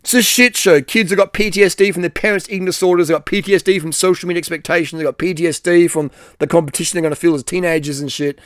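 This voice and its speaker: A middle-aged man rants in a blunt, cursing, rambling monologue. His voice sits fairly high for a man, and his sentences fade into low, soft tails. The recording is dry and close. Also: fairly even intonation, racing, hardly any pauses, clear, resonant tone, no echo. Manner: blunt, profane, emphatic, trailing off on "man". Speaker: vlogger giving advice.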